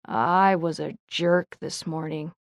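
A gruff, bossy teenage bully boy, as a woman reads him out who snaps his words bluntly and loudly. Storybook telling, recorded close and dry with no room sound. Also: low-pitched, fairly even intonation, slow pace, no room sound. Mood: sheepish. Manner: snapping, loud and blunt. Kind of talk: storybook reading.

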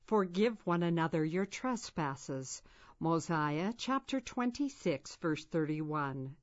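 A woman with a lowish voice reads a children's story at an unhurried, very slow pace. Her narration is gentle and measured. The recording sounds somewhat dull and lo-fi. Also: animated. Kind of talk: storybook reading.

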